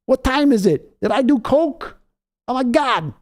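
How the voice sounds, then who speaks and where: A man putting on an excitable sports pundit voice, shouting with stretched, emphatic words in mock panel banter. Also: very high-pitched, measured pace, voice pushed up. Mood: hyped.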